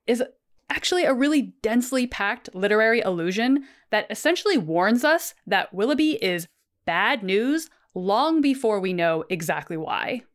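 A woman's voice: on the high side, expressive, moderate pace. A woman co-hosting a literary podcast, explaining a passage and reading quotes aloud. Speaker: podcast co-host. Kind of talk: casual literary discussion.

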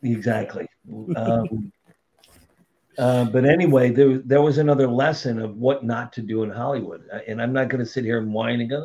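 A middle-aged man tells stories in a casual, blunt way, swearing freely and getting animated as he goes. His voice sits at an ordinary pitch, and the sound is dull and lo-fi. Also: moderate pace. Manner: blunt, profane, animated storytelling. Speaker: podcast guest. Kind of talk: casual storytelling.

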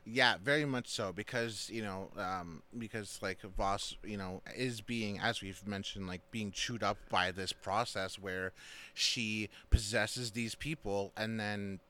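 A man's voice: fairly low pitch, fairly even intonation, measured pace, sharp tone. A man co-hosting a podcast, talking casually about a film in rambling sentences full of fillers and restarts. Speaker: podcast co-host.

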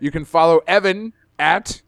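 Rambling and cursing freely, a man hosts a podcast in casual conversation. He speaks at a moderate pace in a slightly high, fairly bright voice, recorded in studio quality without echo.

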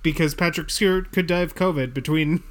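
A man co-hosting a podcast in casual chat, deadpan and joking. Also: fairly high pitch, brisk. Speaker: podcast co-host.

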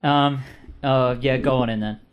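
Brief: male game master, mid-pitched, hesitant, conversational. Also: fairly even intonation, clean tone, muffled recording. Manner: halting, filler-heavy narration. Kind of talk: narrating a tabletop game.

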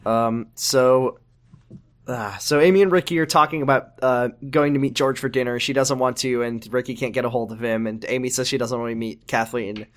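A man's voice: mid-range voice, fairly even intonation, moderate pace. A man co-hosting a podcast, trading sarcastic, profane jokes while recapping a show. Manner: sarcastic, profane, joking banter. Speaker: podcast co-host. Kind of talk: casual recap chat.

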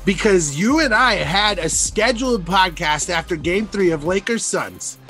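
A man hosting a podcast in casual, profane trash-talk chat, animated and self-mocking, laughing often. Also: sits high, measured pace, soft background music. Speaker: podcast host.

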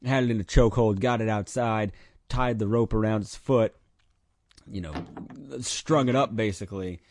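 A man telling a childhood story in casual chat, animated, with loud high bursts when he acts out his younger self. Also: moderate pace, slight background noise.

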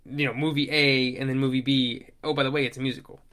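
A man co-hosting a casual podcast chat, relaxed and hedging, with many fillers. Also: medium pitch, fast. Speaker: podcast co-host.

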